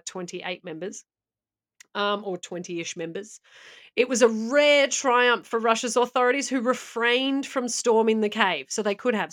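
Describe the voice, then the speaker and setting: A chatty woman with a fairly high voice, cohosting a casual podcast. She tells a story in a loose way, joking at her own expense as she goes. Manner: chatty, laughs mid-story, self-mocking. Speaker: podcast co-host.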